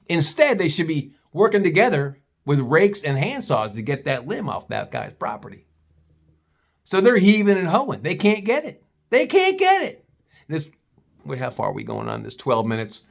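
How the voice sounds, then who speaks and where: Animated, profane man telling a story. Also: fairly high pitch, vocal fry. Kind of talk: casual storytelling.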